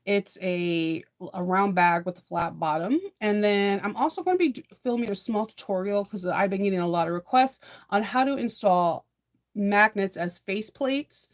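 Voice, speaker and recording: A woman's voice: medium pitch, moderate pace. A woman, chatting casually to her viewers in a sewing vlog, laughing often and repeating words as she restarts. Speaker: sewing and bag-making vlogger.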